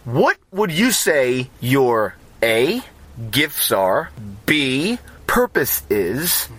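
A man's voice: mid-range voice, very animated, drawn-out words, fairly bright tone. A man hosting a podcast, asking curious, jokey questions in a casual interview. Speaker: podcast host.

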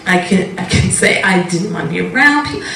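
A woman's voice: lowish voice, animated, a little fast, creaky, fairly bright tone, slight background noise. A woman giving an informal faith testimony. She rambles, interrupts herself and laughs often as she tells her stories. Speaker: Christian speaker sharing a testimony. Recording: roomy, distant mic.

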